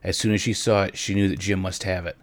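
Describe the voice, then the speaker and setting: A man narrating a story aloud in a gentle way, at times speaking directly to his listeners. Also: low voice, flat delivery, fast talker, no echo. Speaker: reader.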